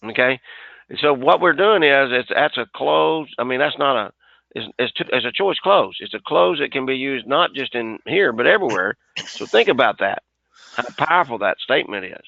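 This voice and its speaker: A man's voice: mid-range voice, lively intonation, normal speed, creaky, no room sound. A man, a sales trainer, coaching a group on a webinar; he talks with energy, restarts often and acts out bits of dialogue. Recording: dry, tinny phone-like line.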